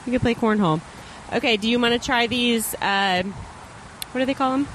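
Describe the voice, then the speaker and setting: A woman's voice: on the high side, brisk, a bit bright, slight background noise. A woman co-hosting a podcast in casual chat, upbeat and chatty with frequent laughs, recorded at a drive-thru and on an outdoor restaurant patio. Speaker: podcast co-host.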